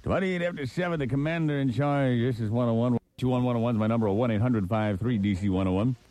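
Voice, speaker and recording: A man hosting a radio morning show, telling comic stories in a theatrical way from a studio. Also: fast talker. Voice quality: animated, theatrical delivery with sudden pitch jumps.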